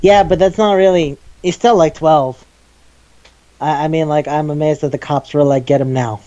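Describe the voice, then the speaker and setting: Animated man swearing through a lo-fi chat. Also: a little high, normal speed. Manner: animated, acts out scenes with quoted lines, swears freely. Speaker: podcast co-host. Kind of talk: casual chat about manga.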